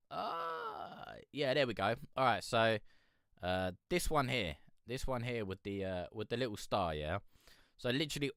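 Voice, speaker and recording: A man's voice: mid-range voice, fairly bright tone, smooth, no room sound, studio quality. A man hosting a live music review stream, chatting casually with a rambling, swearing, easily amused manner as he answers viewers.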